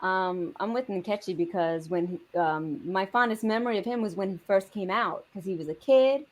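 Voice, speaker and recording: A woman's voice: mid-range voice, normal speed, a little hiss or hum. Hesitant woman on a panel. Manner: hesitant, many fillers. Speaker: panel guest. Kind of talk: casual panel chat.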